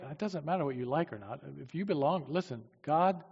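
A man preaching a sermon with emphasis, swinging from loud declarations to quiet asides. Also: fairly high pitch, brisk, few pauses, breathy edge. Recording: dull, long-reverb hall sound.

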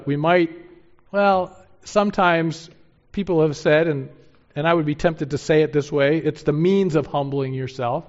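A man's voice: fairly high pitch, highs cut off. A male pastor preaching a sermon in an emphatic way, repeating key phrases for stress.

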